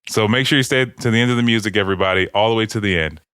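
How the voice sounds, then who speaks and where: A man's voice: lowish voice, racing, a bit bright, clean tone, dry recording, studio quality. A man hosting a casual podcast, joking around, laughing often and swearing freely. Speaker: podcast host.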